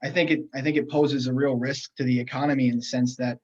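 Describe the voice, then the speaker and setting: This man speaks fast and flat, with a darkish tone and an ordinary middle pitch, earnestly working through economic questions as a podcast co-host. The casual economics chat is full of restarts and fillers, and the recording is lo-fi and somewhat dull.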